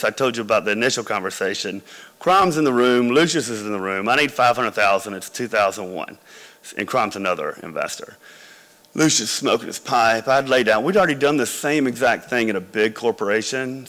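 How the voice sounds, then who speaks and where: A man's voice: on the low side, a bit bright. A man, a company founder, giving a conversational business talk full of anecdotes to MBA students, with hall reverb around him.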